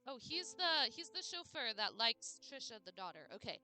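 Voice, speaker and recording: A woman's voice: on the high side, very animated, moderate pace, few pauses, pushed and bright, soft background music. A woman streamer chatting casually and playfully with her chat during a game, breaking into baby talk for her dog.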